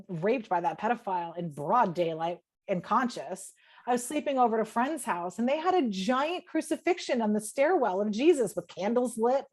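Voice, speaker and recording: A woman, a podcast guest on a video call, telling a personal story with strong emotion and free swearing, often quoting her own thoughts. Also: fairly high pitch. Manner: emotional, swears freely, quotes herself in her head.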